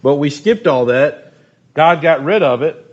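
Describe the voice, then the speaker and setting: A man leading a casual youth group talk, loose and joking, with animated storytelling. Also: a little high, unhurried, muffled recording.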